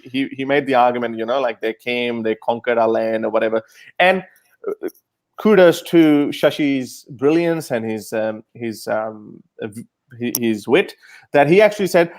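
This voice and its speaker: A man in a casual panel discussion tells a story with animated energy. He keeps stumbling and restarting, and his voice sits in an ordinary middle range. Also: medium pitch.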